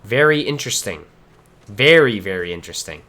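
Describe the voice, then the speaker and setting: Excitable man streaming a game. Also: lowish voice, a little fast. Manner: excitable, swears and laughs often. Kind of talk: casual gameplay commentary.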